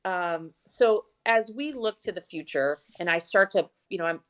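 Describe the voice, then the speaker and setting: A Michigan woman who owns a glamping site chats casually in an interview, often restarting her stories. Her voice sits low but sounds a bit bright, and her pace is moderate.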